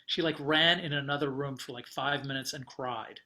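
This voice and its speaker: A man being interviewed as a guest travel writer, telling a story in an animated, rambling way with fillers and restarts. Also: mid-range voice, moderate pace.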